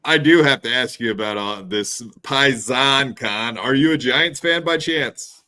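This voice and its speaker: A man's voice: medium pitch, measured pace, bright, forceful tone. A man hosting a podcast, asking teasing questions and cracking jokes in casual chat. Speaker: podcast host.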